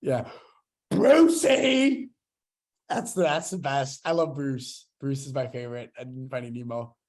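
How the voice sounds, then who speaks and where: A young man in his twenties hosts a casual podcast chat, full of enthusiasm. His voice sits at an ordinary middle pitch. He rambles, tripping over restarts as he gets excited. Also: moderate pace. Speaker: podcast host.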